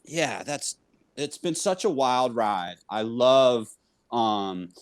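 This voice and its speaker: A man hosting a casual chat in a relaxed, loose manner. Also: mid-range voice, slow, clean tone.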